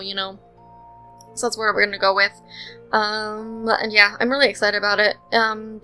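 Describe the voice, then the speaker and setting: Young woman chattering over a game build, bright voice kinda high, lots of ums, soft music under it. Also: poor audio. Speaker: Sims speed-build commentator. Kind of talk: casual voice-over commentary.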